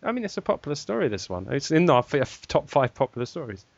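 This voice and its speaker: A man's voice: on the high side, very animated, fast talker, creaky, no room sound. A man hosting a podcast in rambling casual chat, laughing often. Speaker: podcast host. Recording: dull lo-fi podcast sound.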